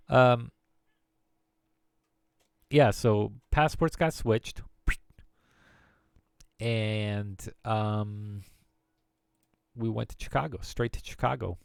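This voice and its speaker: Gravelly, rambling streamer man. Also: lowish voice, no room sound, studio quality. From Soviet Union. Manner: rambling, laughs often, restarts sentences. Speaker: streamer, former Marine. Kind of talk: casual rambling chat. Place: home streaming setup.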